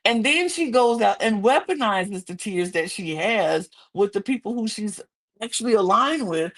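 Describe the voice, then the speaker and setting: Young female co-host: sassy, expressive and chatty, often leaping into squeaky outbursts. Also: normal speed. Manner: animated, sassy, swings into high-pitched exclamations. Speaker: podcast co-host. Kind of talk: casual reality-TV recap chat.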